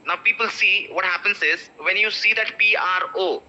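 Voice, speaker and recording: A man in his thirties with an Indian English accent, teaching pronunciation in an online class and repeating each word slowly. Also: high-pitched, very animated, sharp tone. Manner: repeats words slowly for drills, mixes in Hindi. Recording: dull lo-fi online-class audio.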